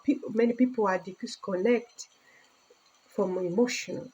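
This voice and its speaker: A woman's voice: mid-range voice, normal speed, darkish tone, poor audio. A woman vlogger in a casual chat, talking in rambling, emotional broken English and laughing often.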